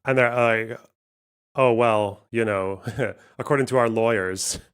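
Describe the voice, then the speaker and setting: Male host of a live stream, loose sarcastic commentary, average pitch, laughs a lot. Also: unhurried, fairly bright tone, clear, resonant tone. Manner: sarcastic, rambling, laughing often, swearing.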